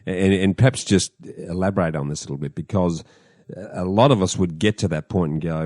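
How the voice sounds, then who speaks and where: Aussie host, really deep mellow voice, stumbles through questions, dry close sound. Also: male voice, no echo. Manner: halting, repeats words while framing questions. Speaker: podcast host. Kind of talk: interview questions.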